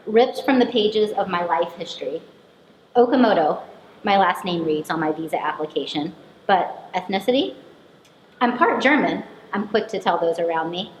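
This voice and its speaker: A woman from the United States, performing an autobiographical piece in measured, introspective narration. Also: mid-range voice. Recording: echoey room recording, faint hiss.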